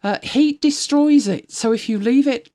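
A woman chatting casually on a live stream, laughing often and switching to a high sing-song voice when she talks to her dog. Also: unhurried, mellow. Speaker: vlogger.

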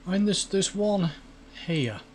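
Halting male podcast co-host. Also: high voice, lively intonation, a little hiss or hum. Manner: halting, repeats words when starting. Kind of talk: casual chat.

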